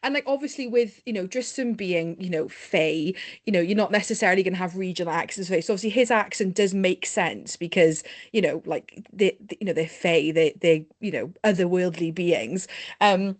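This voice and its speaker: A woman's voice: lowish voice, normal speed. A woman from Cardiff, hosting a podcast in casual chat, gushing and going off on tangents. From Cardiff, Wales. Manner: enthusiastic, gushing, goes off on tangents. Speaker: podcast host.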